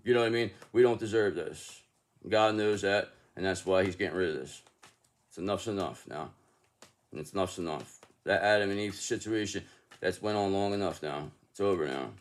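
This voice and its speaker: A man's voice: low-pitched, normal speed. A man giving a casual, rambling tarot reading, talking emphatically with restarts and the odd curse word. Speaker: tarot reader.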